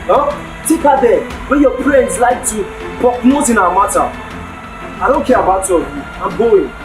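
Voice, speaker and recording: A cold, scornful husband. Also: male voice, very high-pitched, animated, normal speed, over music. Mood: dismissive. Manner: harsh, dismissive, raised voice. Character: cold husband walking out on his wife. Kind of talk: film drama acting. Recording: echoey room, voice from a distance.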